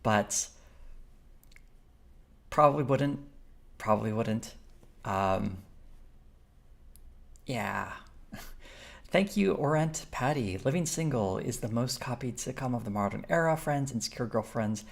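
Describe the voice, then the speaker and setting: A man's voice: medium pitch, lively intonation, measured pace, gravelly, long pauses. A man hosting a live stream, chatting casually and thinking aloud as he reads viewer comments. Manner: rambling, thinks aloud, with fillers and restarts while reading chat.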